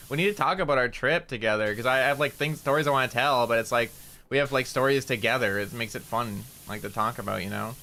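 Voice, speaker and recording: A man's voice: mid-range voice, a little fast, pushed and bright, a little hiss or hum. A man with a mild rural Canadian accent, chatting casually and rambling as he streams a game, peppering his talk with "like" and casual swearing. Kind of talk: casual chat while gaming.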